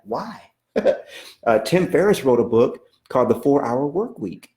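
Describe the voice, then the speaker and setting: Male coach, middle-aged, mid pitch, folksy storyteller with restarts, roomy echo. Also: very animated, unhurried, dark tone. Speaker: real estate coach. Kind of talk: casual storytelling talk. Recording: echoey room.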